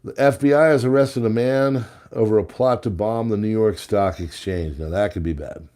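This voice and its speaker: A man's voice: on the low side, moderate pace, dark tone. A man hosting a news commentary show, reading headlines and adding sarcastic, jokey asides. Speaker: host.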